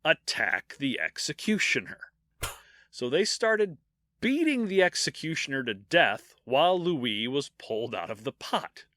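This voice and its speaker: A man's voice: medium pitch, measured pace, dry recording, studio quality. A man co-hosting a podcast, telling grim history stories in a casual, joking way. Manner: animated storyteller, jokes about grim details. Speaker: podcast co-host.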